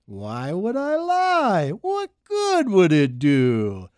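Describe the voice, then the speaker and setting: A woman's voice: on the low side, wildly swooping pitch, extremely slow, darkish tone, no room sound, studio quality, heavily acted. A woman doing a sly hissing snake. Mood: sly taunting.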